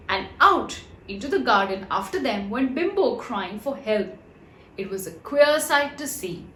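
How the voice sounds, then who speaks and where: A woman reading a children's storybook aloud, gentle and expressive, with chatty asides to young listeners. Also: fairly high pitch, slight background noise. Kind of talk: children's read-aloud narration. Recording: roomy echo.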